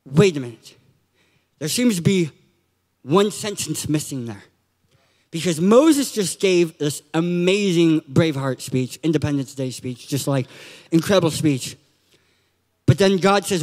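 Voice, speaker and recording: A man preaching a lively sermon in a church, joking and acting out quotes with sudden shouts. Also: on the high side, unhurried, in a large hall. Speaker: guest preacher.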